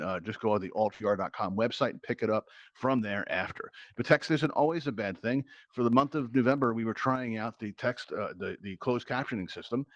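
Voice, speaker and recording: Quick-talking guy hosting a vr game show, hyping the crowd, dry dull headset audio. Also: mid-range voice, no echo. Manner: upbeat showman, hyping up the crowd. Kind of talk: hosting a live virtual reality game show. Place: virtual reality social app.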